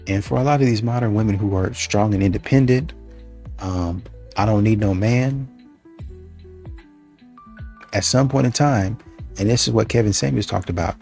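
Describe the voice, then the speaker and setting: A man's voice: fairly low pitch, moderate pace, gravelly, long pauses, a little mellow, soft background music. A man giving casual reaction commentary on dating, with loose conversational restarts. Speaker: reaction channel host.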